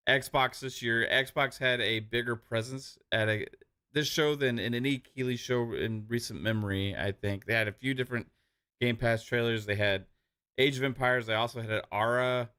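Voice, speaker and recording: A man's voice: mid-range voice, steady tone, normal speed, pushed and bright, clean tone. A man co-hosting a live stream, chatting casually and enthusiastically about game trailers in loose slangy talk. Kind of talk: casual gaming show chat.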